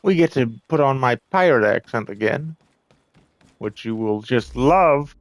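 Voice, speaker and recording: A man chatting his way through a video game, joking at his own expense and reacting loudly to what happens on screen. His pitch moves around a lot, and the sound is close and dry with no room echo. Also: animated, measured pace. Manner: chatty, self-mocking, swears and laughs at the game. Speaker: gameplay commentator. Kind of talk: casual let's-play commentary.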